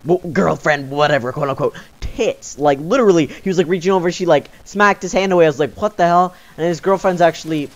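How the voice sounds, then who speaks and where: A young man telling a story in a casual vlog, rambling with many fillers and sounding exasperated. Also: fairly high pitch. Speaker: YouTuber.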